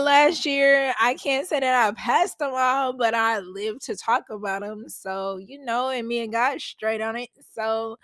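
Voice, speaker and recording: Slow-talking woman podcast host. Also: fairly high pitch, a bit bright, dry recording. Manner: chatty and slangy, talks straight to listeners. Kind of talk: casual solo podcast chat. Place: at home. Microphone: podcast mic at a laptop.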